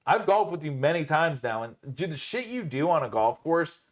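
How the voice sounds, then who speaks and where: A man's voice: fairly high pitch, sing-song, moderate pace. A young man co-hosting a podcast, telling rambling, profane stories in casual chat and leaning on filler words.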